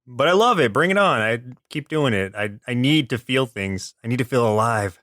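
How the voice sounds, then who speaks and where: A man's voice: mid-range voice, lively intonation, moderate pace, fairly bright tone, no room sound, studio quality. A man co-hosting a cartoon podcast, chatting casually and playfully, with jokey put-on voices. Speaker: podcast co-host. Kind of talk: casual chat.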